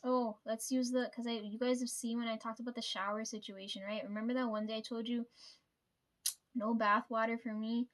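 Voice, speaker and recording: A woman's voice: fairly high pitch, little pitch movement, brisk. A young woman vlogging casually to her viewers, venting about family with lots of swearing and "right?" tags. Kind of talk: casual personal vlog.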